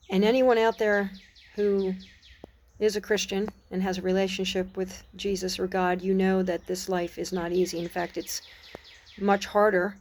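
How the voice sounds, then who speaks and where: A middle-aged woman talking earnestly and reflectively about her faith in a personal vlog, pausing and restarting her sentences, outdoors on a porch. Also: on the low side, creaky, a little mellow. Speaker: Christian vlogger. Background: birds and dogs outside.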